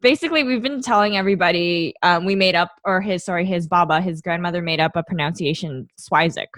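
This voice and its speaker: A middle-aged woman chats as a podcast guest, rambling and giggling, and pokes fun at herself. Her voice is a little low for a woman. The sound is dry with no room echo. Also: fast talker, fairly bright tone. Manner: giggly, rambling, self-deprecating. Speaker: guest, small business owner. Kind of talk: casual interview chat.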